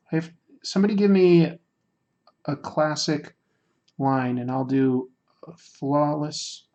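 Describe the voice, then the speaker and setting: Casting: American man on a livestream, fairly high voice, loose and self-mocking, on lo-fi stream audio. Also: slow, darkish tone. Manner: joking, self-mocking, rambling with restarts. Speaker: streamer drawing while chatting. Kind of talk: casual livestream chat.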